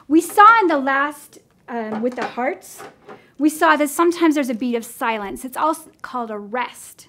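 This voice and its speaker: A woman's voice: high voice, expressive, moderate pace, bright, forceful tone. A woman music teacher demonstrating simple rhythm lessons for classroom teachers, counting in and singing along patiently.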